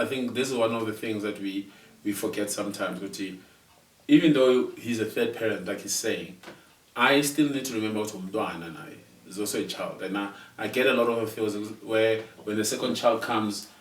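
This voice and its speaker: A man's voice: fairly low pitch, moderate pace, distant mic. A middle-aged South African man hosting a casual conversation. He is easygoing, repeats his words and chuckles often. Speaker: podcast host and father. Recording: roomy sound, mic set back.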